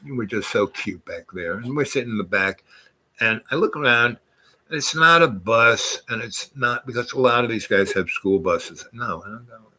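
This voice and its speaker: An older man with a fairly low, voice spins a long tale in a loose, rambling way. He jumps between thoughts and now and then slips into the voices of the people in his story. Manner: rambling, animated, acts out voices in quotes. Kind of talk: casual spoken storytelling.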